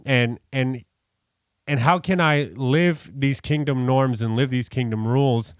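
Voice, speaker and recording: Smooth and medium-pitched, speaking a little slowly, a New York man co-hosting a podcast goes over a Bible passage in casual study talk. His delivery is earnest and rambling, full of restarts and self-corrections, recorded at studio quality without echo.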